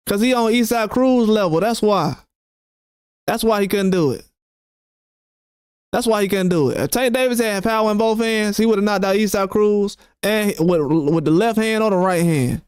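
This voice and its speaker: High-voiced man ranting about boxing. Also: clean tone, dry recording, studio quality. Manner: animated, mocking, quotes critics sarcastically. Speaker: boxing channel host. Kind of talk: opinionated commentary rant.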